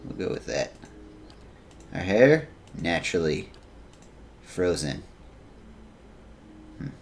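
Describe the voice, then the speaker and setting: A gaming YouTuber with a low voice, wide pitch swings and a slow pace does joking let's play commentary. He reads the game text aloud and adds self-mocking asides.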